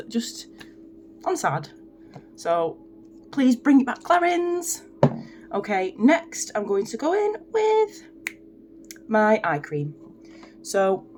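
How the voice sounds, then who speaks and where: A woman's voice: medium pitch, darkish tone, slight background noise. A woman chatting casually through her morning skincare routine in a home vlog, rambling with self-deprecating asides. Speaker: beauty vlogger.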